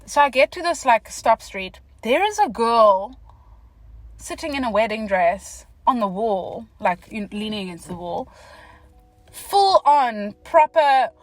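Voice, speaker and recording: A young South African woman telling a story from her car, casual and animated, jumping between whispers and loud exclamations. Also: fairly high pitch, unhurried, dry recording, low-quality recording. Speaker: vlogger. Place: parked car.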